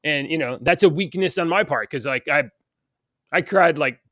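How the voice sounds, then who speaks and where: A man's voice: fairly high pitch, moderate pace, fairly bright tone, no room sound, clean studio sound. A middle-aged man co-hosting a casual talk show, rambling with many restarts. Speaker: co-host. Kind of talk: casual chat.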